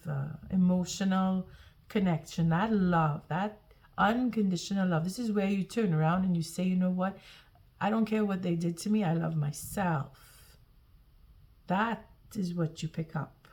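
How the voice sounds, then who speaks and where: A woman's voice: medium pitch, a little mellow. A woman giving a tarot reading to her viewers, earnest and reassuring, often repeating and restarting her phrases. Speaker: tarot reader.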